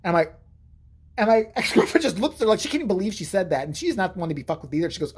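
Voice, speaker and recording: A man telling a story in a casual vlog, profane and animated, jumping into the voices of the people he quotes. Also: sits high, rapid-fire, husky.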